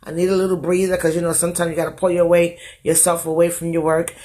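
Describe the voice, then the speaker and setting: Hoarse, low-voiced woman host, chatty phone livestream, sing-song greetings. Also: level tone, fast, dark tone. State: losing her voice from a cold. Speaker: live stream host. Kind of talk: casual live stream chat.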